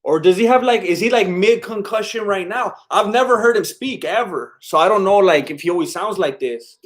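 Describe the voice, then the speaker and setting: Laid-back, rambling man with a higher voice. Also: animated, fairly quick, a bit bright. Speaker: livestream host. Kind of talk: casual live-stream chat reacting to viewer comments.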